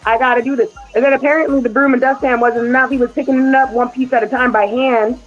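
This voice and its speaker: Animated woman telling family stories. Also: high-pitched, quick pace, muffled recording, faint music behind. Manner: animated, acts out her son's quotes. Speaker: podcast host. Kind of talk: casual storytelling chat.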